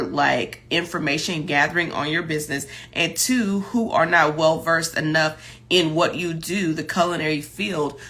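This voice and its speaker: Low-pitched bright chatty woman host. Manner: chatty, greets viewers by name, many fillers and asides. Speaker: business coach for chefs, livestream host. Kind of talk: casual live-stream talk.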